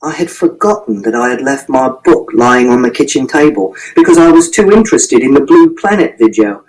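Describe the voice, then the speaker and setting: Man narrating a novel, very expressive pitch. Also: fairly quick, rough recording. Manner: precise, matter-of-fact, literal. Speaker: audiobook narrator. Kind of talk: first-person novel reading.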